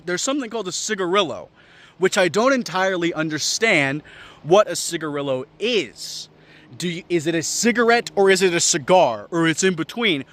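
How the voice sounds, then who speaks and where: Profane, ranting young man vlogger. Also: high-pitched. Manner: profane, incredulous, animated. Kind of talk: casual comedic rant to camera.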